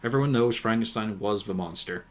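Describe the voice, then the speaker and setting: A man's voice: on the low side, brisk. A man running a tabletop game as game master, describing the action with a wry, joking manner. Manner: descriptive, wry, laughs often.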